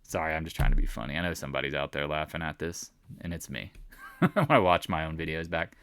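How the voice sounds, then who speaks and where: A man's voice: rumbling low, quick pace, a bit bright, clear, resonant tone. A man hosting a casual daily stock market recap, joking and sarcastically mocking imagined viewers. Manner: sarcastic, mocks imagined viewers in put-on voices. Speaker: stock market video host.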